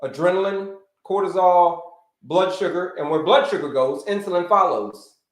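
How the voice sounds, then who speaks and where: A man's voice: high-pitched, normal speed, reverberant. A man hosting a livestream health lesson. He teaches with energy, repeats his key points and greets viewers by name. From United States. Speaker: health coach, livestream host. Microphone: livestream setup.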